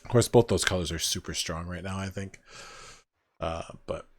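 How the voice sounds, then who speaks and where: With a low voice at normal speed and no room sound, this podcast host chats casually. He rambles through his stories and leans heavily on fillers.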